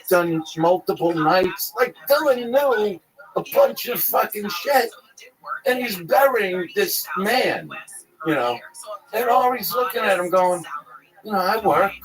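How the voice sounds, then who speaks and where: A man's voice: high-pitched, low-quality recording. A man telling rambling, profane stories in a casual interview, acting out other people's voices. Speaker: interview guest. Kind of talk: casual storytelling. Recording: crowd chatter behind.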